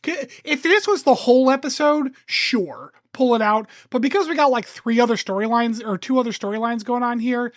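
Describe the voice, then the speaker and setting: A woman co-hosting a podcast, giving animated, opinionated takes on a show, swearing freely and acting out quick lines. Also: a little high, dry recording, clean studio sound. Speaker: podcast co-host and commentator. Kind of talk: casual chat.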